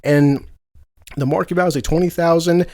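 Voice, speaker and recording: Podcast host, man, 40s, quick profane storyteller, slightly high voice. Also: fairly even intonation, mellow, no room sound. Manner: profane, rambling, laughs through his stories. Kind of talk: casual chat.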